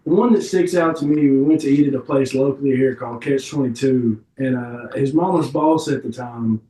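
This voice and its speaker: A man's voice: mid-range voice, moderate pace, warm tone, roomy sound, distant mic, poor audio. A man telling loose, profane stories as an interview guest. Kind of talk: casual interview storytelling.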